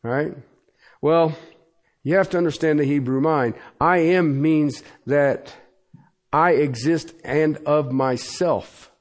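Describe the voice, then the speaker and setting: In a slightly high voice and at a slow pace, a pastor delivers a sermon in church. His preaching is emphatic and repetitive, with sudden pace changes and frequent check-ins of "Okay?".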